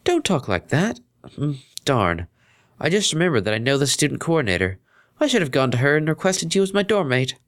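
A man's voice: a little high, big pitch swings, a little fast, a bit bright, voice pushed up. A man voicing a poised, well-bred female pony cellist with a polite, formal manner in a fan fiction reading.

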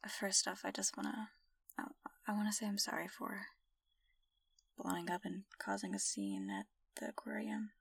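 A woman in a whispered role-play, speaking in a slow, commanding whisper and turning soft and confiding. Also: medium pitch, animated, gravelly, breathy edge, dry recording, clean studio sound, recorded from a distance. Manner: soft, tender, hesitant confiding. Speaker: audio role-play performer.

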